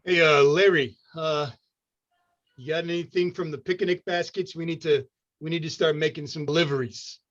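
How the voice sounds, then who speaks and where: A man's voice: on the high side, fairly even intonation, normal speed, fairly bright tone, natural voice. A man improvising a delivery worker who frets about union rules, over a muffled video call. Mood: indignant.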